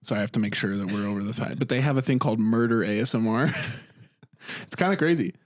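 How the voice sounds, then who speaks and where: A young man co-hosting a casual podcast chat, animated and quick to laugh, sometimes acting out whispered lines. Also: lowish voice, no room sound, studio quality. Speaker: podcast co-host.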